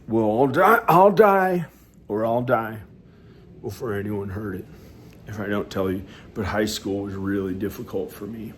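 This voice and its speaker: A man talking at home in a rambling personal monologue, hesitant and halting, with many restarts and fillers. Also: lowish voice, a little mellow, a little hiss or hum. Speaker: vlogger. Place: inside his house.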